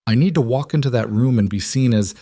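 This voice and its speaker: A man's voice: medium pitch, fairly quick, mellow, no echo, studio quality, lightly acted. A man voicing a guarded, worn-down young woman in a bar who halts and breaks off mid-sentence. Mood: resolute.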